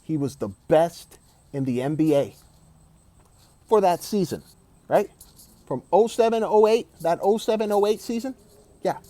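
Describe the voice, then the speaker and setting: A man's voice: high voice, a little slow, long pauses, warm tone, no echo. A man giving an emphatic, opinionated sports rant, repeating himself and saying "dog" often. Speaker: sports commentator.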